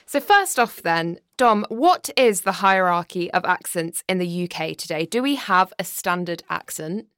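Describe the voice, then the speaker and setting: A woman's voice: lowish voice, lively intonation, measured pace, hardly any pauses, a bit bright, smooth, dry recording. Dry-sounding woman podcast host. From West Midlands, England. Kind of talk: scripted podcast presenting.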